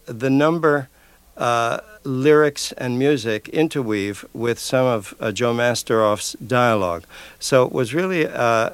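An older man, a lyricist, answering questions in a radio interview in a reflective, measured way. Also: mid-range voice, clean tone, no echo. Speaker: lyricist guest. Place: radio studio. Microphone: studio mic.

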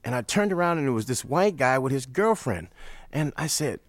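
An older man from St. Louis, telling stories as an interview guest in a relaxed manner, repeating phrases. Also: medium pitch, moderate pace, no room sound. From St. Louis, USA. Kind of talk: storytelling in an interview.

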